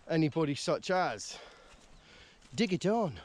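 A man's voice: medium pitch, lively intonation, normal speed. A man vlogging casually, chatty and self-mocking, from in and around a camper van. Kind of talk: casual vlog talk to camera.

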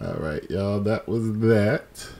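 Male reaction host, casual commentary, laid-back, low voice, slow pace. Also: huge pitch swings, vocal fry, a crowd in the background, noisy background.

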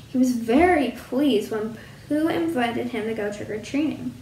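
A woman reading a picture book aloud as storyteller, in a sing-song, animated way. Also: a little high, measured pace. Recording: roomy with faint hum.

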